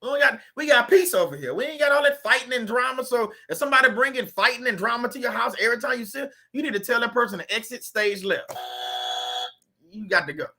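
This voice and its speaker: A man speaks as host of a faith-based channel, in a loose, conversational style that turns preachy. He asks his viewers rhetorical questions and talks right at them. His voice sits high and has a very bright, sharp edge. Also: expressive, fast talker, few pauses. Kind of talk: casual preachy commentary.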